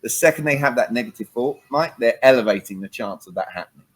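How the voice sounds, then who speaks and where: A husky-voiced man with a British accent talks in an interview as a communication coach. He speaks emphatically, drops in "all right" to punctuate his points and acts out short back-and-forth exchanges. His voice sits at a middling pitch with a slightly breathy edge. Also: lively intonation, quick pace, low-quality recording. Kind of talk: animated interview chat.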